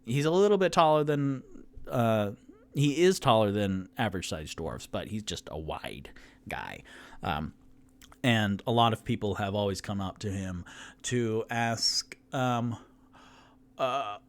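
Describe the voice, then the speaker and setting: A man's voice: on the low side, expressive, unhurried. Man narrating a solo tabletop game. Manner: casual, full of fillers. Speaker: game master and sole player.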